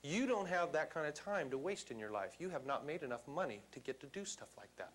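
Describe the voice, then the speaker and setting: A man putting on the voice of a stern, demanding older male mentor who lectures gruffly. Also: on the high side, big pitch swings, a little fast, fairly bright tone, slight background noise, pitched below the performer's own voice.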